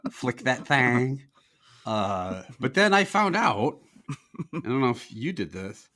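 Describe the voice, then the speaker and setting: Guy rambling on a snack podcast, bouncy pitch, cracks himself up a lot. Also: sing-song, measured pace, bright, forceful tone. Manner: rambling, jokey storytelling with lots of laughs. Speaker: podcast co-host. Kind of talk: casual comedic chat.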